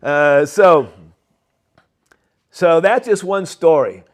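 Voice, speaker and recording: An older man, telling a long story as a guest, animated and halting, with frequent chuckles. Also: fairly high pitch. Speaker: interview guest. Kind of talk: rambling storytelling.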